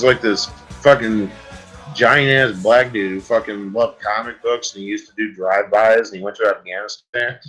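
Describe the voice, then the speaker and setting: A man with a slightly low voice rambles through a foul-mouthed comic rant as a podcast host. He swears constantly and jumps from one gripe to the next in a loose, crude delivery. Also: fairly bright tone, rough recording.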